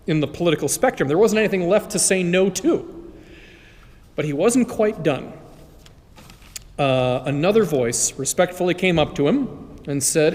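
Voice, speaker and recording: A male priest giving a homily in a relaxed, conversational storytelling way. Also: fairly high pitch. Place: large church. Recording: long church reverb.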